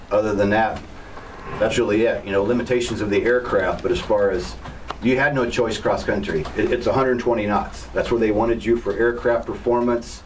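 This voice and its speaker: A helicopter flight instructor with a fairly low, darkish voice tells stories casually to an online group, speaking plainly and bluntly with firm opinions. The mic sits slightly distant, picking up faint background noise.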